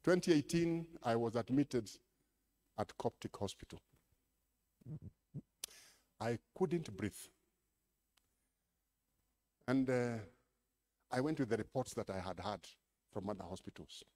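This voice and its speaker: A Kenyan man preaching a sermon as pastor, switching between English and Swahili, dropping low to tell a story and then rising to loud exclamations. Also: slow, pauses often.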